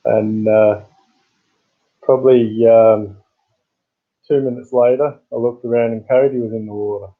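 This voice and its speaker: Australian male streamer, rambling casual chat, tinny phone-line sound. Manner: rambling, greets chat viewers with sudden high-pitched bursts. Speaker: live stream host.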